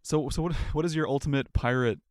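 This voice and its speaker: A man narrating a tabletop game as dungeon master, animated and quick to laugh, with frequent fillers. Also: on the high side, no echo, clean studio sound.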